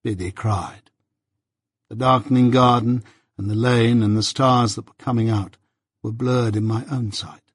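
A man giving a measured, reflective scripted narration of an audiobook. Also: medium pitch, fairly even intonation, husky, dry recording, clean studio sound.

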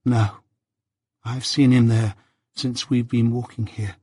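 A man reading an audiobook, voicing a gentle, timid young village woman who speaks softly and pleads. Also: mid-range voice, flat delivery, takes it slowly, slightly rough, no room sound. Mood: earnest. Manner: soft, pleading.

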